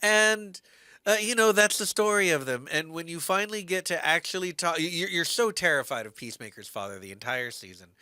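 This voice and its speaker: A man's voice: on the high side, lively intonation, brisk, bright, forceful tone, smooth, dry recording, studio quality. A man co-hosting a podcast, earnestly and animatedly recapping a TV show in casual chat. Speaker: podcast co-host.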